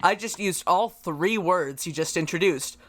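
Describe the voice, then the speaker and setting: A man's voice: high voice, a little slow, fairly bright tone. A man from Canada hosting a casual chat, with wry, dry asides. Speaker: host.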